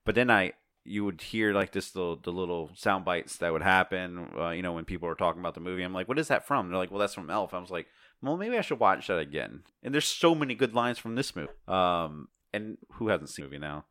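A man co-hosting a podcast, talking in a relaxed, casual way with fillers and laughs. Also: low-pitched, fast talker, dry recording, clean studio sound. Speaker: podcast co-host. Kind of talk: casual chat.

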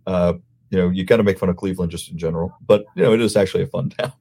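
Deep, husky man telling stories. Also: rapid-fire, mellow. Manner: rambling storyteller, laughs easily. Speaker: podcast guest. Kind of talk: casual chat.

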